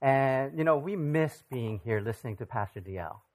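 A visiting Bible teacher leading a casual church study, speaking haltingly with frequent fillers and often checking in with the group. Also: medium pitch, expressive, darkish tone. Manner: halting, many fillers, keeps checking in with "okay?". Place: church gathering.

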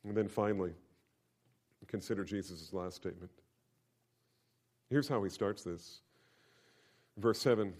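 A middle-aged man preaching a sermon. He repeats key lines for emphasis and swings between loud and hushed. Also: lowish voice. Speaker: pastor.

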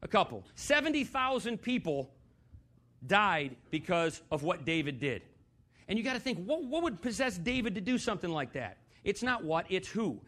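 High-voiced preacher, conversational and wry. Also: male voice, sing-song, moderate pace, a bit bright. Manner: conversational, asks the congregation questions, dry sarcastic humor. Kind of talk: sermon. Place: church.

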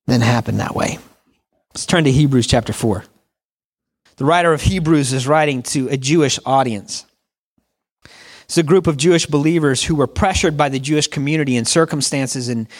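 A man's voice: fairly high pitch, moderate pace. A man preaching a sermon in a conversational storytelling way, often checking in with the listeners. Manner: conversational storytelling with frequent "right?" asides. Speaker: pastor.

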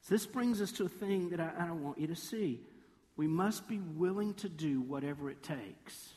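Guy preaching, pretty high voice, kinda sarcastic and animated, acts out little voices, big echoey hall. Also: moderate pace. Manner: lively storytelling, acting out quoted voices; playfully sarcastic. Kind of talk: sermon. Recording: long reverb of a large hall.

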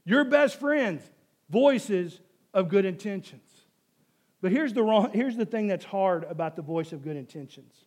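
High-voiced man preaching a sermon. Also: darkish tone. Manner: emphatic, repetitive, rhetorical questions to the congregation. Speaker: pastor.

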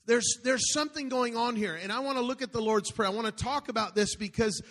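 A middle-aged man preaching a sermon, an animated storyteller who jokes and calls out to the congregation. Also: very high voice, a little fast. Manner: animated, joking storyteller with call-outs to the congregation. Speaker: pastor. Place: large church auditorium. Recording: long hall reverb.

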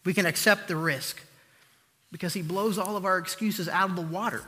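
Male preacher, high bright voice, earnest emphatic delivery, hall reverb. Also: fairly even intonation. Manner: earnest, emphatic repetition with slow pauses. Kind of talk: sermon.

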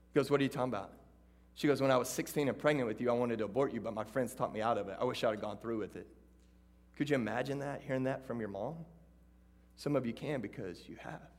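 A man with a Texan accent preaching a sermon to students, animated, moving from loud calls to the audience to hushed storytelling. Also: mid-range voice. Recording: hall reverb.

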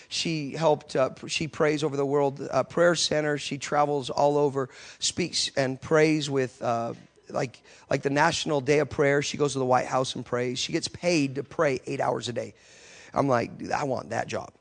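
Young male preacher, high-pitched, emphatic storyteller in a sermon. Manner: storytelling, animated and emphatic, with many restarts.

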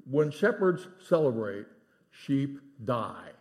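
A middle-aged man preaching a sermon in a church, earnest, dropping to hushed tones for emphasis. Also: medium pitch, very animated, takes it slowly. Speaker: pastor. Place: church sanctuary.

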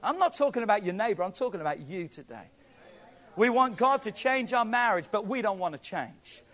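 Male pastor, high voice, emphatic sermon delivery, dramatic swings in volume. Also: animated, a little fast. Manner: emphatic preaching, rising to near shouts.

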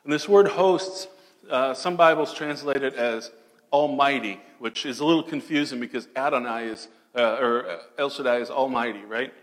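A man preaching a sermon dramatically, moving between loud declarations and hushed, almost whispered passages. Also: mid-range voice, moderate pace, big-room sound. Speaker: pastor.

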